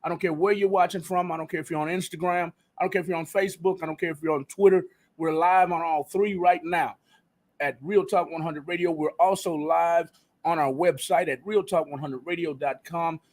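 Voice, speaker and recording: A man's voice: a little high, fairly even intonation, brisk, a little mellow. A man hosting a live radio talk show, chatting casually with loose, joking slang.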